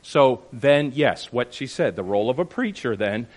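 A man's voice: mid-range voice, animated, moderate pace. A man leading a church group discussion, speaking emphatically and checking in with the group with "all right?" and "okay?". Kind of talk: animated teaching talk to a group.

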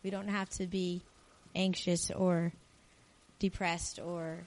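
A woman in a study group, giving a halting answer to the leader's question. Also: lowish voice, level tone, darkish tone. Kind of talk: casual group discussion.

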